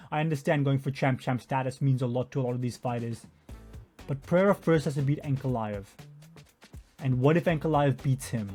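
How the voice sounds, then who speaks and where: A YouTube commentator, a man with a warm, medium-pitched voice, rants over interview clips. His commentary is mocking and profane, full of sarcastic impressions.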